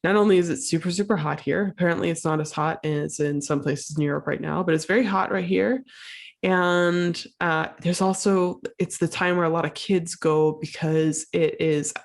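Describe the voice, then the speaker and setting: Sounding unwell and slightly winded, a woman hosting her own show delivers a relaxed, encouraging solo monologue peppered with fillers. Her voice is lowish and steady at a normal speed.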